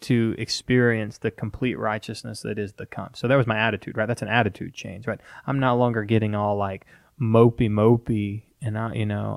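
Brief: male pastor, earnest and conversational, dry close recording, mid-pitched. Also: dry recording. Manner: earnest, conversational, animated quoting. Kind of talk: casual teaching discussion.

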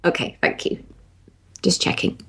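A woman's voice: measured pace, pushed and bright. Chatty English woman co-hosting. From England. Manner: chatty, teasing, many fillers. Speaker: podcast co-host. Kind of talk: casual chat.

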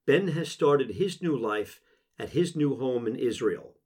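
A middle-aged man narrating a memoir audiobook in an emotional, intimate, measured way. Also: mid-range voice, animated, a little mellow, breathy edge.

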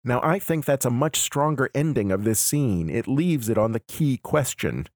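A man hosting a podcast, giving a measured, analytical lecture. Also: medium pitch, lively intonation, dry recording, clean studio sound. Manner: measured, explanatory. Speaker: podcast host.

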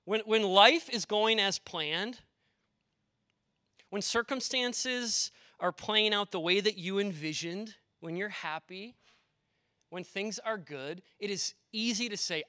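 A man's voice: high voice, slow pace, bright, forceful tone, no room sound, clean studio sound. A man, a pastor, preaching a conversational sermon in an earnest way, with personal stories and rhetorical questions.

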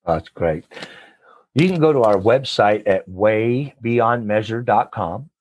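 Exuberant man, preacher-style pitch jumps. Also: slow pace, highs cut off. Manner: animated, preacher-like call-and-response with sudden high jumps. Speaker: guest, nonprofit leader and coach. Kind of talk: enthusiastic interview talk.

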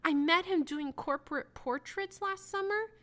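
A woman's voice: very high-pitched, normal speed, a bit bright, pitched above the performer's own voice. A woman voicing a tearful, apologetic wife who cheated, in an overdone melodramatic reading. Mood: pleading. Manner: pleading, melodramatic.

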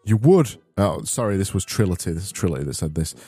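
Low-voiced man rambling comically. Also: animated, fast talker, dark tone, breathy edge, dry recording, soft background music. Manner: rambling, self-interrupting, joking. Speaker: podcast host. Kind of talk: comic podcast banter and spoof advert.

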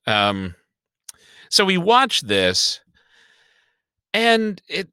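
Man, podcast co-host, lively swinging pitch, bright tone, dry close sound, casual griping. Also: takes it slowly, pauses often, dry recording. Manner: animated, swearing, sighing. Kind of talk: casual movie review chat.

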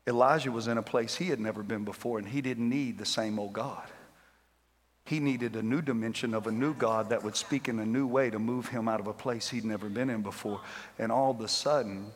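A man preaching an animated sermon who laughs often and acts out the characters in the story. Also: medium pitch, fairly quick, in a large hall.

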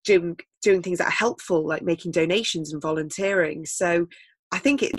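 A woman's voice: lowish voice, moderate pace, husky, dry recording. A woman hosting a podcast interview, speaking thoughtfully and a little hesitantly. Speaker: podcast host.

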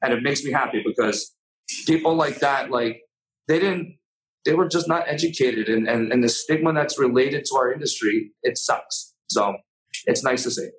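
An earnest man telling a personal story as a podcast guest. He talks haltingly, stopping and restarting his sentences, in an ordinary mid-range voice. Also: mid-range voice, rough recording. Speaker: podcast guest, cannabis brand owner.

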